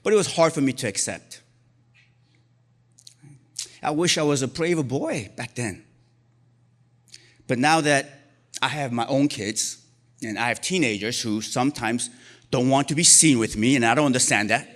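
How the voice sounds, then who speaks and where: A Korean-born man in his forties tells a true story on stage, his voice sitting at an ordinary middle pitch. He keeps a wry, self-mocking humor running through it, with an easy, unhurried storytelling delivery at a live story slam. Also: expressive, fairly bright tone.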